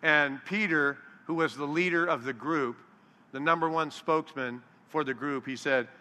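A man preaching a sermon, slowing down to quote scripture and acting out the disciples' voices. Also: a little high, pushed and bright. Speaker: pastor. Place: large hall with long reverb. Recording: reverberant hall.

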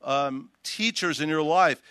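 Bright-voiced older pastor preaching. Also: male voice, on the high side, takes it slowly, clean tone, no room sound. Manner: animated preaching, reading scripture aloud with emphasis. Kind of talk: sermon. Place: outdoors.

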